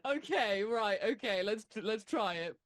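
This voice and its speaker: A woman's voice: mid-range voice, expressive, unhurried. A woman playing a tabletop role-playing game, chatty and giggling often. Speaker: player. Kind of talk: casual tabletop play.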